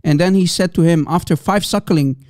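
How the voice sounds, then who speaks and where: A fairly high-voiced man hosts a live reaction stream, laughing and egging on his viewers. His sound is close and dry, with no room around it. He keeps up a mocking, excitable patter. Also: fairly quick, no room sound. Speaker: livestream host.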